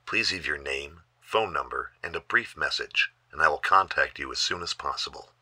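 A man's voice: rumbling low, expressive, moderate pace, pushed and bright, no echo, exaggerated voice. An actor playing a stern, demanding male doctor who talks in a clipped, formal way. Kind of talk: audio drama acting.

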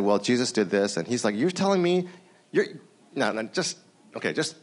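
A man preaching a sermon in a conversational storytelling way, talking straight to the audience and acting out the dialogue he quotes. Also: lowish voice. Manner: animated, acts out quoted dialogue; conversational, addresses the audience directly.

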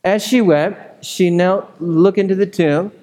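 A man's voice: high voice, steady tone, a little slow, dark tone. A man preaching a sermon in a casual, conversational way, often asking his listeners questions. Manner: conversational, asks the room questions. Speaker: pastor.

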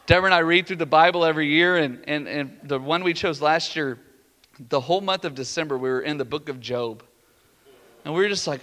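A high-pitched man preaching with a bright, forceful tone. He is playful and animated, and he acts out prayers and dialogue in a raised voice. His words ring out in a church with long, lingering reverb. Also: brisk. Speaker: pastor. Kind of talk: sermon. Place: church sanctuary.

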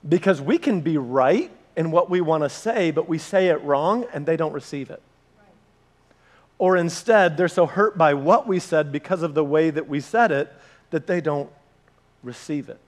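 A male pastor preaching a sermon to a live congregation, telling stories in a lively way and talking straight to the people in the room. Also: a little high, moderate pace. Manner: animated storyteller, addresses the congregation directly. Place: church meeting room with a live audience.

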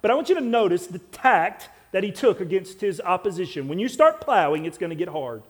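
A man preaching a sermon to a congregation. He swings between loud, emphatic passages and quiet, intense ones, with wry asides to the listeners. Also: high voice, very animated, brisk, breathy edge. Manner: self-deprecating asides to the congregation. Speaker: pastor.

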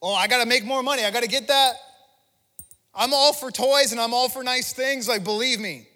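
A man's voice: very high-pitched, bright, forceful tone, long reverb tail. A male pastor giving an impassioned, conversational sermon, restarting phrases as he preaches in a church. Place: church sanctuary.

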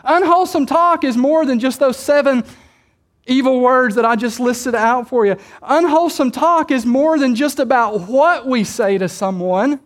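A woman's voice: high voice, moderate pace. A woman preaching a sermon in a joking way, laughing often and repeating words as she starts her phrases.

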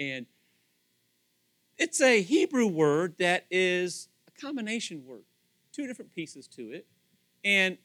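Animated, high-voiced male preacher. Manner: animated, rhetorical questions, acts out quoted voices. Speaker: pastor. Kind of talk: sermon.

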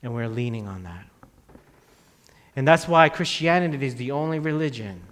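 Conversational pastor in a reverberant hall. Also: male voice, lively intonation, normal speed, fairly bright tone. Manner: conversational preaching, dropping low on key phrases. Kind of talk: sermon. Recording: long reverb of a church hall.

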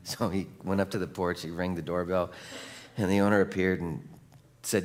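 A male pastor delivers a sermon in a lively, conversational style, mixing jokes with calls for the congregation to answer back. His voice sits on the lower side. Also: normal speed, slight background noise. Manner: jokey, conversational preaching.

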